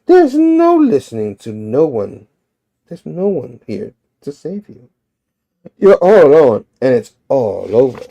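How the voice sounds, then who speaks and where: A man's voice: mid-range voice, huge pitch swings, measured pace, creaky, mellow, exaggerated voice. A man voicing a hulking, menacing male crime boss while retelling a comic, reading the lines casually with small emphasis. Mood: threatening.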